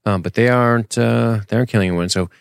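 A man's voice: mid-range voice, fast talker, gravelly, smooth, dry recording, studio quality. A man co-hosting a podcast, recapping an episode in loose, joking, profane chat. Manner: joking, profane, acts out quotes from the show. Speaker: podcast co-host.

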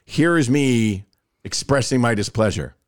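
A man hosts a casual sports talk podcast, and his pitch swings widely as he tells stories in an animated, self-mocking way. His voice sounds close and dry, with no room around it. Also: unhurried, no room sound. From Alabama, US. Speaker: podcast host.

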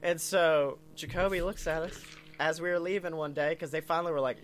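A man, co-hosting a podcast and telling funny stories in an animated, swearing, laughing way. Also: a little high, brisk, noisy background. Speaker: podcast co-host. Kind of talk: casual comedic storytelling.

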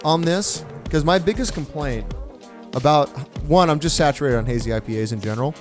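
A man's voice: on the high side, a little fast, music in the background. A young man co-hosting a casual podcast chat, loose and profane, often laughing. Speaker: podcast co-host.

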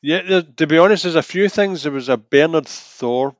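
A man's voice: a little high, normal speed, no echo. Laid-back man chiming in on a podcast. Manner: laid-back, chips in with short replies and jokes. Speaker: podcast co-host. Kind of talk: casual chat.

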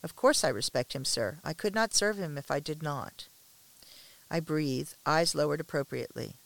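A woman reading a first-person story aloud with a measured, restrained delivery and tense pauses. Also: deep voice, lively intonation, creaky.

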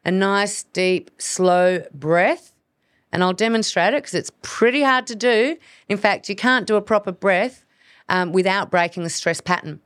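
Speaking in a mid-range voice, a woman who is a hormone practitioner talks solo on her educational podcast. She's earnest and coaching, acting out inner voices, recorded at studio quality with no room sound.

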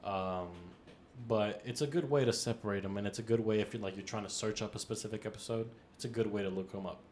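A man's voice: lowish voice, fast talker, darkish tone, slight background noise. A man co-hosting a podcast in casual chat, rambling and teasing, laughing often. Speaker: podcast co-host.

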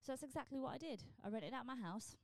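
This woman, in her 40s and from southern England, is a stand-up comedian doing a casual solo podcast. She talks fast in a high-sitting voice, blunt and sweary, animated with comic asides, and there's no room sound.

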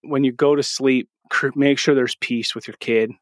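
A man's voice: medium pitch, fairly even intonation, normal speed, no room sound, clean studio sound. A man in his forties hosting a podcast, telling personal stories in a casual, earnest, coaching tone. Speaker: podcast host. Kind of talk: casual storytelling monologue.

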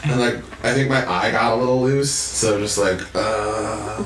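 A man's voice: on the low side, measured pace, distant mic, over a noisy crowd. A man playing a tabletop game, talking in character with a playful manner. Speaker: player. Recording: echoey room from afar with hiss.

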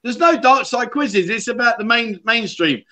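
A man's voice: extremely high pitch, expressive, moderate pace, bright, forceful tone. A man hosting a livestream chat show, telling stories and reading out viewer comments. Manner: chatty storyteller, reads out viewer comments. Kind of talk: casual chat.

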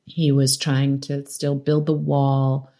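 A middle-aged woman with a low voice speaks as a guest in a conversational interview. She tells her stories with animation, slipping into the voices of the people she quotes and laughing often. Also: completely flat delivery, slow pace, mellow. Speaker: documentary director, interview guest.

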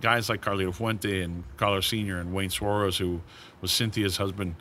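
A man's voice: deep voice, level tone, moderate pace, sharp tone, slight background noise. A man being interviewed, telling casual stories and acting out the voices of people he quotes. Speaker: cigar brand founder, guest.

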